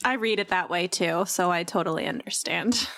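A woman's voice: on the low side, moderate pace, gravelly, fairly bright tone, dry recording, clean studio sound. A woman co-hosting a casual podcast, chiming in with short supportive remarks. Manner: brief, supportive interjections. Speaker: podcast co-host.

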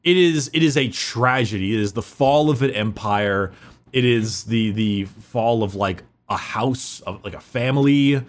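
A man's voice: medium pitch, a little slow. A man co-hosting a podcast, chatting casually about a book with frequent restarts and fillers. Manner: rambling, many restarts and fillers. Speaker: podcast co-host.

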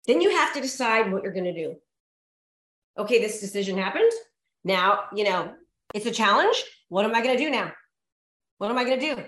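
A woman's voice: mid-range voice, very animated, a little fast, fairly bright tone. A woman giving a motivational talk to a live audience, emphatic and repetitive as she coaxes the crowd. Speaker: motivational speaker. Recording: echoey room.

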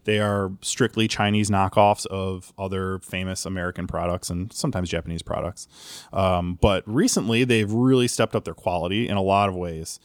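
A man's voice: deep voice, steady tone, normal speed, dry recording. A man hosting a casual podcast chat, rambling with frequent fillers and restarts. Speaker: podcast host.

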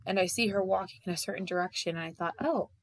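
A woman telling a personal story in a halting way, full of fillers and restarts. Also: on the low side, little pitch movement, no room sound.

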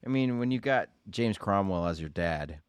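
A laid-back man with a low voice, co-hosting a casual movie podcast. His humor is dry and teasing, and the recording is close and dry with no room sound. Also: animated, moderate pace, clean tone, no room sound. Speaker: podcast co-host.

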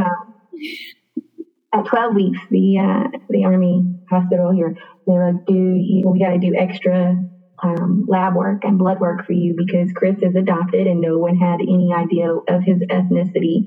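A young woman telling a personal story in a casual interview, chatty with lots of fillers and acted-out quotes. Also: lowish voice. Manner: chatty, many fillers, acts out quoted dialogue. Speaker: interview guest. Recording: tinny phone-like line.

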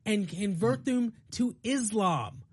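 Female co-host, husky and lively, pushes her point hard in a heated chat. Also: mid-range voice, slow. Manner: emphatic, stumbling restarts. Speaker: podcast co-host. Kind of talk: heated casual debate.

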